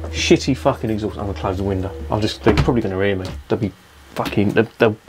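Casting: bloke, lowish voice, rambling sweary beer-review rant. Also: male voice, steady tone, quick pace, noisy background. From England. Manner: swears constantly, rambling and exasperated. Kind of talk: casual profane rant.

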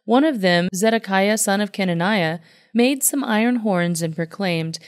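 A woman reading a Bible passage aloud in steady, even narration. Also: medium pitch, normal speed. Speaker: Bible reader. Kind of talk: scripture reading.

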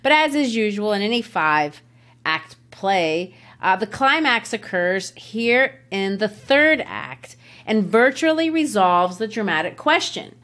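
A woman's voice: mid-range voice, animated, takes it slowly, fairly bright tone. A woman hosting an educational literature podcast, explaining a play in an engaged way and laughing easily. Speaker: podcast host, literature teacher.

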